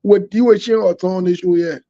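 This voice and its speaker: A man's voice: high-pitched, steady tone, a little fast, warm tone. Insistent man on muffled audio. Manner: insistent, repeats points. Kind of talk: casual live-stream chat. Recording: dull lo-fi call audio.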